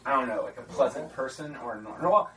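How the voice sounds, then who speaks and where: Man, podcast host, animated casual chat, roomy echo, off-mic. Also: medium pitch, quick pace. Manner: chatty, animated, laughs often. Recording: echoey room, mic at a distance.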